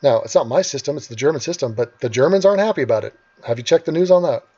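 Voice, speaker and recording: A man's voice: medium pitch, lively intonation, very fast, muffled recording. A man hosting an angry, sarcastic and profane rant over video clips. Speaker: host.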